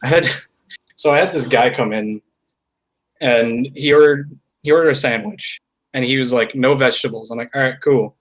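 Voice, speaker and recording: A young man co-hosting a podcast, telling a work story in a deadpan, casual way, with some swearing. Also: mid-range voice, moderate pace, pauses often, poor audio. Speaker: podcast co-host. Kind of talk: casual chat.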